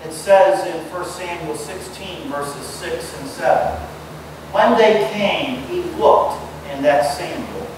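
A man's voice: a little high, slow. Man preaching in an echoey church. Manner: conversational preaching, asks the congregation direct questions. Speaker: pastor. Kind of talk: sermon. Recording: distant mic in a reverberant room with background noise.

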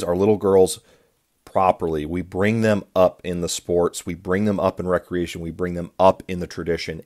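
Deep-voiced guy doing a solo podcast rant, earnest and kinda preachy, trips over words a lot. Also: a little mellow. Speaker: podcast host.

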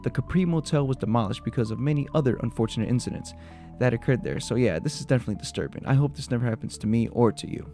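Guy rattling off creepy urban legends quick, gravelly dark voice, faint music underneath. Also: mid-range voice, lively intonation. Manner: quick, mixes spooky retelling with joking asides. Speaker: video host. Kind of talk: reading urban legends and reacting. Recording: soft music behind the voice.

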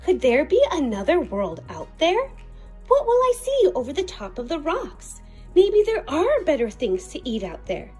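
A woman's voice: high voice, huge pitch swings, moderate pace, warm tone, faint music behind. A woman voicing a small, curious young male crab in a storybook read-aloud, eager and wondering.

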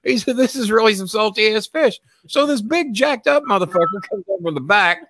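A man's voice: sits high, animated, fairly quick, hardly any pauses, fairly bright tone. A man hosting a casual chat show, telling a long story in a rambling, profane way with lots of repeats. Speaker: show host.

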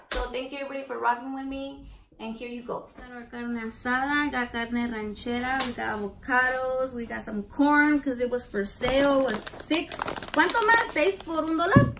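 A high-voiced woman talks through a home cooking vlog, brash and profane, dropping Spanish into her English. The kitchen recording is noisy behind her. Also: a bit bright. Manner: brash, swears constantly, mixes in Spanish. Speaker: cooking vlogger. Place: home kitchen with family around.

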